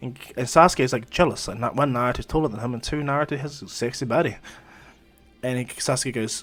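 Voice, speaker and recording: Man, improvised fan story narration, rambling, lots of fillers, medium pitch. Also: quick pace, a bit bright, faint music behind. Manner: rambling, filler-heavy, restarts.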